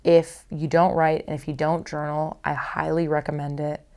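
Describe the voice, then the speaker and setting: A young woman talks through her feelings on her own podcast, candid and rambling, circling back over the same phrases. Her voice sits low, with a gravelly fry running through it. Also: flat delivery, normal speed, a little mellow. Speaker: podcast host. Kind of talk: personal reflective monologue.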